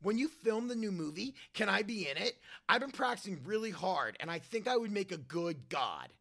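Bright, lively earnest comic reader. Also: medium pitch, moderate pace, creaky. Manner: earnest, innocent childlike delivery. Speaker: podcast host reading a comic letter. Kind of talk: scripted comedic reading.

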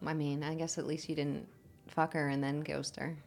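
A woman's voice: low voice, little pitch movement, normal speed, gravelly, darkish tone, soft background music. A woman hosting a casual podcast, laughing often and asking loose questions. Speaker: podcast host.

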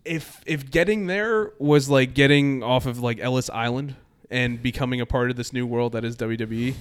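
A man from New Jersey tells a rambling story in a relaxed, casual chat. His voice sits at an ordinary middle pitch, and he jumps between loud, heated bursts and quieter asides. He swears freely as he goes. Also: moderate pace, clean tone. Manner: animated, profane, storytelling.

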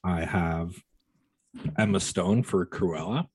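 Deep husky man in a dry room. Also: takes it slowly, no echo, low-quality recording. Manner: joking, blunt, swears. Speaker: co-host. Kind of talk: casual film awards chat.

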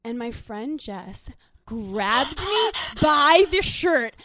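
A woman's voice: fairly high pitch, very animated, extremely slow, pushed and bright, dry recording. Profane, storytelling woman guest. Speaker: podcast guest. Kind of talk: casual chat and anecdotes.

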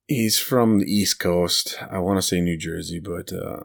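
A man's voice: low-pitched, measured pace, gravelly. A man co-hosting a podcast in casual chat, rambling through stories and laughing at his own jokes. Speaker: podcast co-host.

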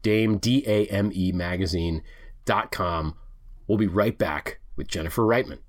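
In a deep, unhurried voice, a middle-aged podcast host delivers an angry, profanity-heavy monologue and then moves into relaxed chat. His manner is heated and animated.

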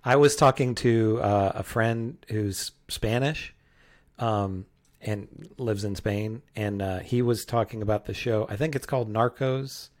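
A man's voice: fairly low pitch, measured pace. A man co-hosting a podcast, reviewing a film in casual chat, rambling and hesitant. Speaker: podcast co-host.

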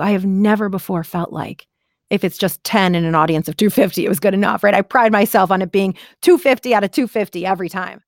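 A woman's voice: mid-range voice, dry recording, studio quality. A woman speaker telling a personal story in an earnest, chatty way, full of "like" and "right?". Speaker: motivational speaker. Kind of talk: casual storytelling to camera.

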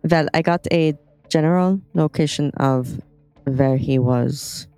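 A player in a tabletop role-playing game, deliberately stating actions. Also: medium pitch, warm tone, clear, resonant tone, dry recording, faint music behind.

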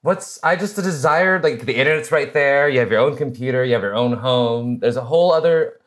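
A man hosting a casual chat show, laughing often and cracking quick playful jokes. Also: mid-range voice. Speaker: host.

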